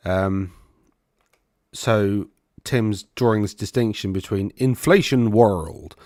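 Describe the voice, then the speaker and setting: A financial planner with a low voice walks through economic charts on his own microphone, recorded cleanly with studio quality and no echo. His delivery is conversational and loose, as if thinking aloud.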